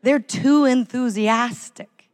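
A woman's voice: a little high, slow, long reverb tail. Sardonic woman doing stand-up. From United States. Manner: sardonic, mimics voices. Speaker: stand-up comedian. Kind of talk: live stand-up comedy. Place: large concert hall with live audience.

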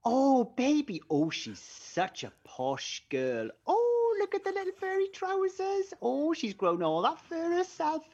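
Man doing high baby-talk cat voice, cooing, slow and drawn out, muffled audio. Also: wildly swooping pitch, a little mellow, heavily acted. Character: adult man baby-talking to his pet cat.

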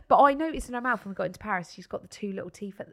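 A woman's voice: mid-range voice, rapid-fire, a bit bright. A British woman co-hosting a podcast, telling a family story in casual chat and swearing freely. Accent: British English. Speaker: podcast co-host.

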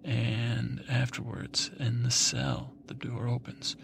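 A man's voice: mid-range voice, level tone, takes it slowly, creaky, background noise. A man telling an improvised comic bedtime story, rambling and hesitant with many fillers.

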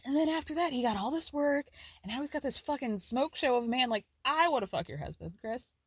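High-voiced woman recapping gossip. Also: lively intonation, brisk, slightly rough, no echo. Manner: chatty, profane, laughs often. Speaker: podcast host. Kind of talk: casual pop culture recap.

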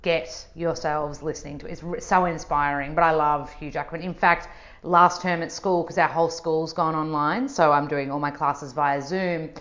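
Woman in her 30s, chatty podcast guest, slightly low voice, dull audio. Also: fairly even intonation, moderate pace, a bit bright. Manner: bubbly, chatty, laughs often. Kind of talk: casual chat.

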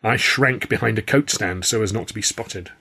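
A man's voice: lowish voice, moderate pace, bright, forceful tone, husky. A man reading his own novel aloud in the first person, with a wry storytelling manner. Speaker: author and narrator. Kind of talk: audiobook narration, first person.

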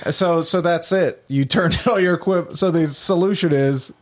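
A man's voice: fairly high pitch, normal speed. Sweary man ranting in casual chat. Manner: sweary, ranting about the system, laughs along.

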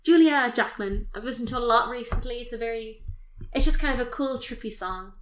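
A woman's voice: a little high, a little fast. A woman co-hosting a podcast, chatting casually and rambling about films, swearing now and then. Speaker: podcast co-host. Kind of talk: casual film review chat. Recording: roomy echoey room.

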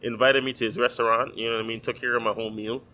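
A man's voice: mid-range voice, little pitch movement, rapid-fire, sharp tone, low-quality recording. A man from the Virgin Islands, a chef, chatting casually in a loose, profane way full of fillers. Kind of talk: casual chat.

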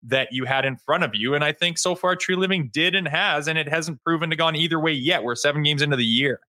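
A man co-hosting a sports podcast, talking in a heated, animated way and mocking critics in put-on voices. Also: a little high, quick pace, dry recording. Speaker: co-host.

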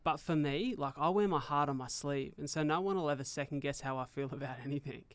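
A man, hosting a podcast and telling stories in an animated, emotionally open way. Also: fairly high pitch, quick pace, no echo. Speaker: podcast host. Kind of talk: conversational interview.

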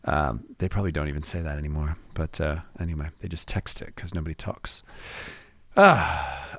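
Deep, dry-miked male jazz DJ, rambling and easygoing, chuckles a lot. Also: steady tone, normal speed, dry recording. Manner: laid-back, rambling, many fillers and chuckles. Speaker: radio DJ host. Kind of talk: casual radio chat between songs.

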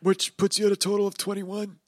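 A man's voice: sits high, monotone, fairly quick, no room sound. A man running a tabletop game as game master, talking through the rules in a laid-back, chatty way. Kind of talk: narrating a tabletop game in character.

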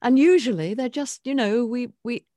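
An older woman co-hosting a casual podcast chat, reflective and expressive as she introduces guests. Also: a little high, moderate pace, dry recording, studio quality. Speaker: co-host.

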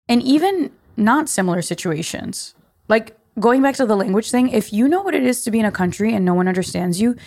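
A woman's voice: mid-range voice, a little mellow. A young woman hosting a podcast, talking casually and emphatically in slangy, chatty life advice. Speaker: podcast host.

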